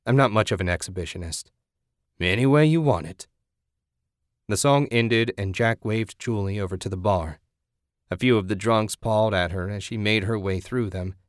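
A man narrates an audiobook steadily and in a measured manner, his voice on the low side. The recording is dry, with clean studio sound.

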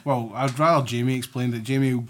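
A Scottish man trading quick, jokey banter in a casual podcast. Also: mid-range voice, steady tone, fairly bright tone.

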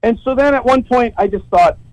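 A man's voice: very high-pitched, fairly quick, no echo, rough recording. A man talking as a podcast guest from his home office. He tells a story casually and with lots of energy, swearing often and laughing in between. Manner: profane, animated storytelling with laughs. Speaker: guest, site owner.

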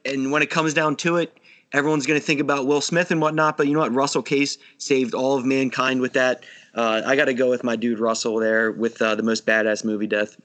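A man chatting on a podcast, building up his story with growing excitement and laughing between lines. He swears now and then. His voice sits at a middling male pitch. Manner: enthusiastic storyteller, laughs often, swears casually. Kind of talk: casual chat.

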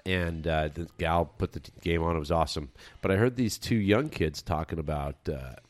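A man's voice: low voice, moderate pace. A man rambling in casual podcast chat, swearing freely and restarting his sentences.

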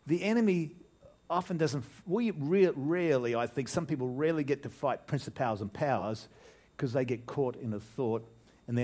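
A man with an Australian accent preaching a sermon as pastor, animated, joking, and often restarting his sentences. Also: mid-range voice. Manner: animated preaching with jokes and frequent restarts, voice swelling for emphasis.

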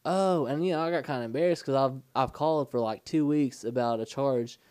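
A young man co-hosting a podcast, telling rambling stories in casual chat with halting restarts. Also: medium pitch, a little mellow, clean tone, no echo. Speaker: podcast co-host.

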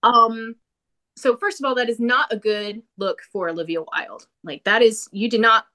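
A woman talking casually about a movie she watched, animated and opinionated, with quick asides. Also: on the high side. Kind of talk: casual movie review chat.

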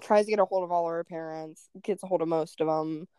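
A woman's voice: on the low side, a little fast, clear, resonant tone, no room sound. Young woman telling a story, swearing. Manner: animated, swearing, acts out quotes. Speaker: podcast co-host. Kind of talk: casual storytelling chat.

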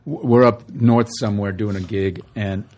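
A man's voice: fairly low pitch, moderate pace. A man who is a guest comedian, telling a story in casual chat, swearing casually and acting out the voices of the people in it. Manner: animated, acts out quoted voices.

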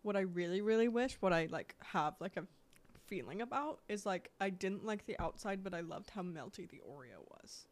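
A woman co-hosting a casual podcast chat, her accent a blend of British and American. She talks in animated, rambling bursts with plenty of laughs and asides. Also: medium pitch, normal speed. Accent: mixed British and American. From England. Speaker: podcast co-host.

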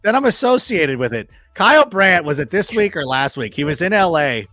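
A man as a guest football analyst in a casual sports chat, telling animated stories, acting out quoted remarks and swearing freely. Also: high-pitched, a little fast, no room sound. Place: studio.

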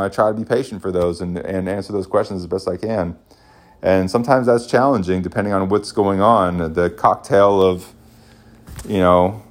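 A man in his thirties, a stay-at-home dad, talking casually and rambling with many restarts as he thinks aloud. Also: fairly low pitch. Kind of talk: casual parenting vlog.

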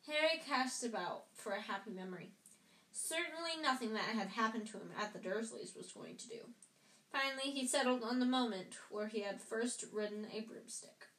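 Lady reading a book out loud, casual, trips and rereads, highish voice, echoey. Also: moderate pace. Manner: casual, stumbles and rereads lines. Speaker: audiobook reader. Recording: roomy echo.

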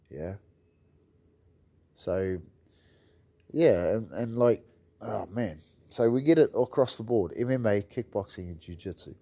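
A man with a New Zealand accent talks about his martial arts gym in a mellow, dark-toned voice. His delivery is loose and rambling, with frequent fillers and casual swearing. He sounds like a coach chatting off the cuff. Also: fairly low pitch, measured pace, long pauses. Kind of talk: casual storytelling chat.

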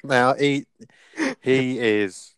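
A man's voice: medium pitch, steady tone, extremely slow, clear, resonant tone, dry recording. A young man casually telling a rambling anecdote as podcast co-host, laughing often. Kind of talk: casual storytelling.

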